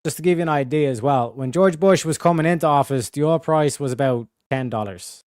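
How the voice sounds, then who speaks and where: A man's voice: on the high side, a little fast, a little mellow, dry recording, studio quality. Slangy male streamer. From Ireland. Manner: rambling, slangy, reads donations aloud. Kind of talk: casual live-stream commentary.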